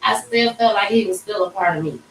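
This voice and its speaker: This host, a woman in her 30s, talks fairly quickly at medium pitch, sharing a casual, emotional story with her viewers, whom she calls "y'all." She sits off-mic in a roomy, echoey tattoo shop with a faint hum behind her.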